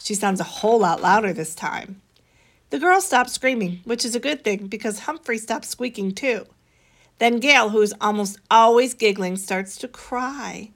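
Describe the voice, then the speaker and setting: A woman reading a children's story aloud, expressive, with a bright, animated delivery. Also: normal speed. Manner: expressive, voices the children's dialogue higher.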